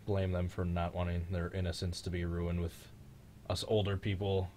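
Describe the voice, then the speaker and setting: Young guy with a low voice doing live race commentary on his stream, jokey and excitable, swears a bit, faint hiss behind. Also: moderate pace. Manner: joking, excitable, mild swearing. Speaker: host of a live-streamed racing reaction show.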